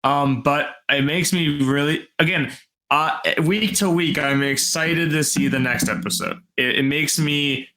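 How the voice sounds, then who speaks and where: Man, bright edgy voice, a bit high, casual co-host chat, enthusiastic quick bursts. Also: fairly even intonation.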